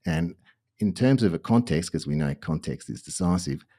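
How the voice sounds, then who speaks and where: A man's voice: low voice, lively intonation, moderate pace, dark tone. A man with an Australian accent, hosting a podcast and chatting easily with restarts. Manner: friendly, chatty, with restarts and fillers. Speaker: podcast host. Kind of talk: podcast interview, casual chat.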